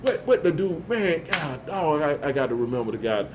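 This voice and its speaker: Animated man telling stories. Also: a little high, moderate pace, heavy background noise. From Birmingham, Alabama. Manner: animated, profane, acts out quotes. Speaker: guest. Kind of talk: casual storytelling chat.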